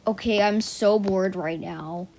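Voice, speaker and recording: A woman's voice: mid-range voice, a little slow, creaky, warm tone, slight background noise. A teenage girl rambling casually to her viewers in a silly, chatty vlog, full of "like" and tangents. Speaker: vlogger.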